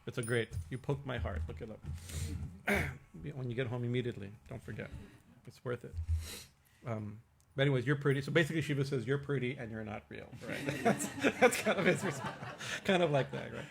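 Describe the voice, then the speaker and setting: A man's voice: medium pitch, fairly quick, vocal fry, a little hiss or hum. Chatty laughing man giving a discourse. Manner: chatty storytelling, laughs often, many restarts. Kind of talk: informal religious discourse. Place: temple hall.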